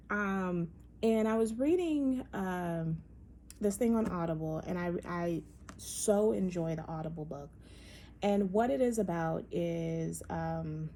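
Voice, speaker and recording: A woman talks her way through a casual opinion monologue with plenty of emphasis and life, tripping over fillers and restarting her sentences. She sits in the middle of the usual female pitch range. A faint hiss of noise hangs under her voice. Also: darkish tone. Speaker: podcast host.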